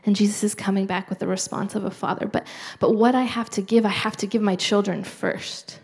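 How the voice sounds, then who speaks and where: Middle-aged woman preacher, gravelly, earnest and conversational, drops to a near-whisper. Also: medium pitch, steady tone, a little fast, few pauses, darkish tone. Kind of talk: sermon.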